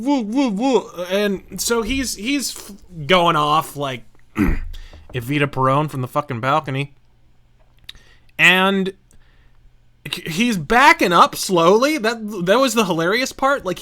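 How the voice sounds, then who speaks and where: A high-pitched man tells a story, cursing freely and laughing. His pitch swings widely and his tone is bright and sharp. He speaks in a casual gaming-commentary style. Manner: profane, animated, laughing anecdote. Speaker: host.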